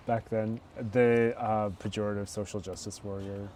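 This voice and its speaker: A man's voice: on the low side, flat delivery, measured pace, darkish tone. A man hosting a casual interview outdoors at night, asking playful questions. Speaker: host. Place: outdoors by a lake at night, walking. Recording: distant mic, faint outdoor noise.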